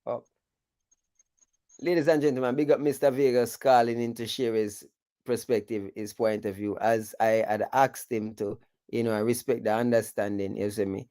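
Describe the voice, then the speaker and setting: A man's voice: medium pitch, little pitch movement, moderate pace, warm tone, no echo. A man with a Jamaican accent hosting a live stream, reflective and rambling, with patois tags. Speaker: host.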